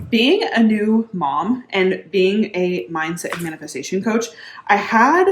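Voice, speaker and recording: Woman in her 30s, casual vlog host: low-ish voice, chatty fillers, roomy echo. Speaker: mindset coach and vlogger. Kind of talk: casual talk-to-camera vlog. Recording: echoey room with faint background noise.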